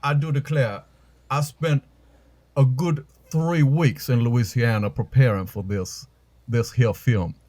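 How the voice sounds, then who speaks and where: A man's voice: medium pitch, fairly even intonation, slow pace, long pauses, close to an everyday voice. A man playing a vain male actor who puts on an overdone Southern drawl, theatrical and always in character. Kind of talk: comedy sketch.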